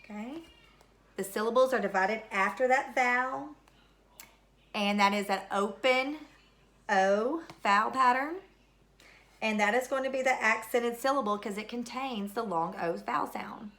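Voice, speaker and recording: Slow, bright-voiced woman teacher. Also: medium pitch. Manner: slow, patient, deliberate, repeats words for spelling. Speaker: third grade teacher. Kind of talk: recorded classroom lesson.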